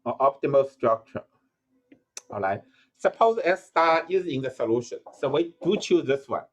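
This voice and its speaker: With an expressive, medium-pitched voice and a moderate pace, a man lectures at a university and works a problem out aloud. The recorded talk is peppered with "uh," restarted sentences and fixes to his own statements.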